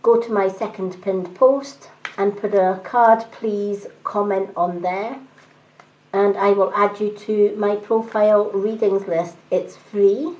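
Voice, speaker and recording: A tarot card reader with a Scottish accent blended with other British influences gives chatty live-stream readings and thanks her viewers. Her medium-pitched voice is steady, slow and darkish, captured in dull lo-fi sound with faint noise.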